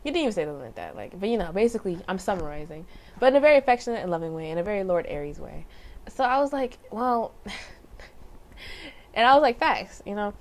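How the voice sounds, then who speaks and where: A woman's voice: mid-range voice, big pitch swings, a little fast. A young adult woman telling a personal story in a casual vlog, rambling with lots of fillers, restarts and small laughs. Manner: rambling, filler-heavy, frequent self-corrections and laughs. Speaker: vlogger.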